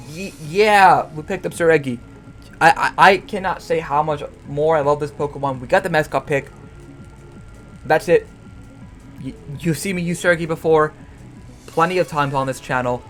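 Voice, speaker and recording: A young man with a fairly high voice rambles through a casual analysis of his picks. He stumbles, repeats words and cracks self-mocking asides, with music playing softly underneath. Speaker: YouTuber and league coach. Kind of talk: casual draft analysis commentary.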